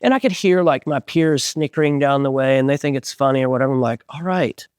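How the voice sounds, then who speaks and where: A middle-aged man with a mid-range voice tells a story in an animated way and slips into other people's voices as he quotes them. Dense fillers and restarts run through his talk. His voice is recorded dry and close, with no room sound. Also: medium pitch, quick pace, clean tone, no room sound. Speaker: interviewed musician. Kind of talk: casual storytelling interview.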